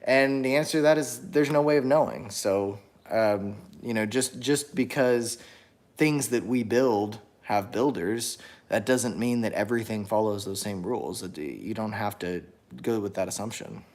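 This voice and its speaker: A young man hosting a casual livestream, answering chat in a relaxed, rambling way with lots of fillers and restarts. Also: fairly low pitch, normal speed. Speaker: livestream host reading chat. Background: a small child crying at times.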